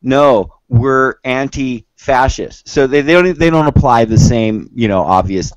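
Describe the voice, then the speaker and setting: A man's voice: mid-range voice, animated, normal speed, a little mellow, dry recording, poor audio. A man hosting a casual political podcast, talking in long rambling runs with many restarts. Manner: rambling, lots of fillers and restarts. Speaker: podcast host.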